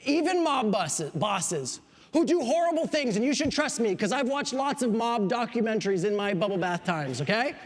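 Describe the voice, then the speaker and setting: A man's voice: very high-pitched, expressive, moderate pace, big-room sound. A pastor in his thirties from Quebec, preaching a sermon with joking asides. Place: church.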